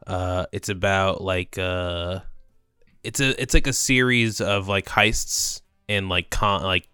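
A man's voice: low-pitched, takes it slowly, bright, forceful tone, clear, resonant tone, no echo, studio quality, faint music behind. A man chatting casually, rambling with frequent restarts and fillers. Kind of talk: casual chat.

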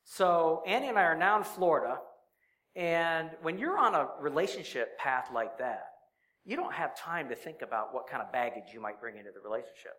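Man, church speaker, slightly high voice, sincere personal storyteller, throat sore and dry. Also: very animated, moderate pace, fairly bright tone, rough recording. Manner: earnest, confessional storytelling. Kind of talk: personal testimony sermon.

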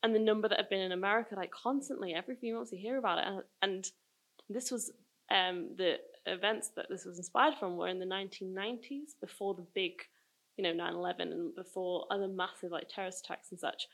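A woman's voice: mid-range voice, steady tone, fast, gravelly, fairly bright tone. Woman, casual group chat, chatty, lots of fillers. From UK countryside. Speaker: film discussion participant.

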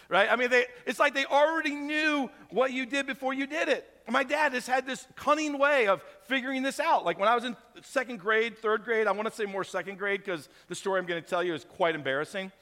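Pastor, male, 50s, high bright voice, animated storyteller, long hall reverb. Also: fairly quick, few pauses. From America. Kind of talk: sermon storytelling.

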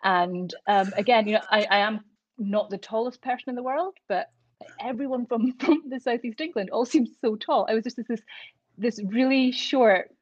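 A middle-aged woman with a Scottish accent, telling stories in an animated way and laughing often in a casual interview. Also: a little high, normal speed, no echo, highs cut off. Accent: Scottish, Glasgow area. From Scotland. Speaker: guest. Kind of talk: casual conversation.

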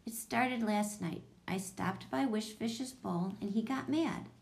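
A woman's voice: fairly high pitch, slow, gravelly. A woman voicing an earnest young boy dressed as a monster, speaking in a plain, matter-of-fact way.

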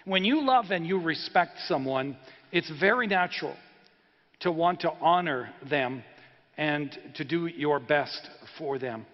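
A man's voice: a little high, expressive, a little slow. Male pastor, earnest and chatty, reverberant hall with a dull sound. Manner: earnest, conversational, frequent uh fillers. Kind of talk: sermon. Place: church sanctuary.

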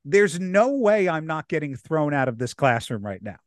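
A young man and podcast co-host, telling a story in casual chat, animated and laughing as he acts out the people in it. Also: fairly high pitch, normal speed, no room sound, studio quality.

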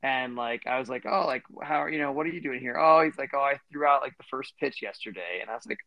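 A man's voice: medium pitch, quick pace, gravelly, no echo, dull audio. A man in his thirties co-hosting a podcast, telling a long story in a rambling way with lots of fillers and restarts. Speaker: podcast co-host. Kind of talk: casual storytelling chat.

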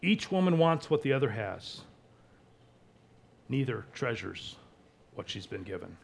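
A man preaching a sermon, emphatic, with wide swings between soft and loud. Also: mid-range voice, very animated, a little slow, gravelly, slight background noise. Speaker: pastor.

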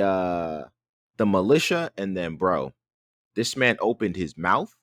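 A man co-hosting a podcast in casual chat, ranting in an animated, exasperated way with many restarts. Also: on the low side, no echo, studio quality. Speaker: podcast co-host.

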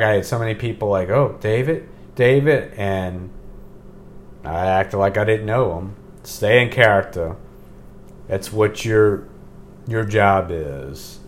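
A middle-aged man hosting a casual podcast, talking in a relaxed, rambling way and swearing now and then. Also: fairly low pitch. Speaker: podcast host. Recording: faint background hiss.

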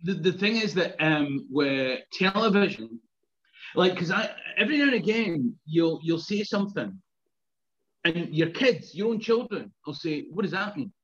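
A man's voice: fairly high pitch, expressive, unhurried, a bit bright, lo-fi sound. A Scottish man, around his fifties, telling chatty anecdotes in casual conversation, laughing and swearing now and then. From Scotland. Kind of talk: casual chat.

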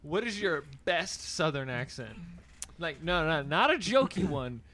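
A man's voice: fairly high pitch, very animated, measured pace, sharp tone. A man from the American South, born in North Carolina and raised in Florida, joking and swearing in a casual chat with friends.

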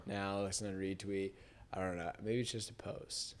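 A man with a fairly low voice hosts a casual podcast chat. He rambles from point to point, keeps saying "dude" and "I don't know," and laughs often. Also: fairly even intonation, moderate pace. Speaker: podcast host.

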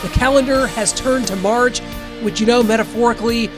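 A man's voice: very high-pitched, brisk, over music. A man from the American Midwest hosting a rock podcast in a chatty, upbeat, rambling way. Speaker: podcast host. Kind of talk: casual chat.

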